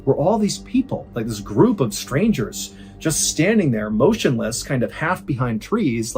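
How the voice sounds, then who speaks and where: A man hosting and narrating true scary stories in a suspenseful, conversational way, slowing down for emphasis. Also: medium pitch. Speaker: storyteller host. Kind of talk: dramatic true-story narration.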